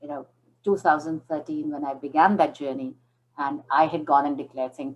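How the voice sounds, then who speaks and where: A woman's voice: low voice, fairly even intonation, fairly quick, slight background noise, low-quality recording. A woman in her forties from India, telling her story as an interview guest and acting out the dialogue in it. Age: 40s.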